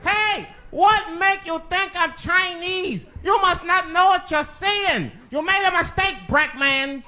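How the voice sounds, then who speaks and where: A man on a comedy stage voicing an irritable male shopkeeper who scolds in a shrill, clipped way. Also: slow pace, bright, forceful tone, exaggerated voice. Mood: scolding. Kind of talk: stand-up comedy. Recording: live stage mic with crowd laughter.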